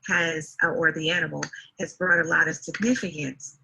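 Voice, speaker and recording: A woman's voice: sits low, steady tone, moderate pace, vocal fry, pushed and bright, a little hiss or hum, low-quality recording. A woman teaching a one-to-one online English lesson over a video call, patiently explaining word meanings. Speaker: English tutor.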